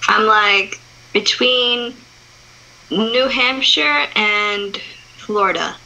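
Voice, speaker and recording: A woman's voice: medium pitch, very slow, gravelly, sharp tone, muffled recording. A woman from the US East Coast chatting with a stranger on video chat, laid-back and answering drily with short replies. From East Coast of the United States. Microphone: remote video chat audio.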